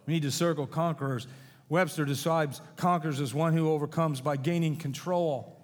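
Middle-aged man, folksy pastor preaching with jokes; higher voice, long reverb of a church hall. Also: steady tone, moderate pace. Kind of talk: sermon.

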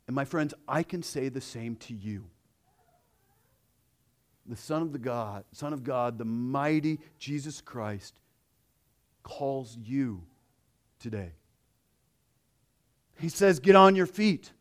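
A man preaching a sermon, dropping to a hush and then rising loud, acting out the voices of the crowd. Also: mid-range voice, animated, slow, long pauses. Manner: dramatic swings from hushed to loud.

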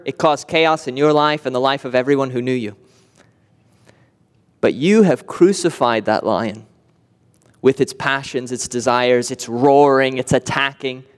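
A man's voice: mid-range voice, big-room sound. A man preaching a sermon earnestly, with vivid imagery and rhetorical repetition. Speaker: pastor.

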